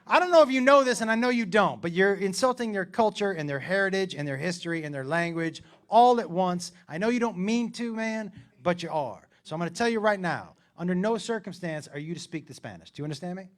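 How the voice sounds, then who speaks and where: High, animated stand-up comedian. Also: male voice, brisk, hardly any pauses. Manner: animated, laughing, big swings in loudness. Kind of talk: stand-up storytelling.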